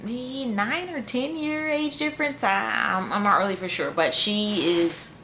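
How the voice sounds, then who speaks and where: A woman's voice: mid-range voice, unhurried, sharp tone, slight background noise. A woman giving a casual book review in a chatty way, full of fillers like "um" and "you know" and frequent restarts.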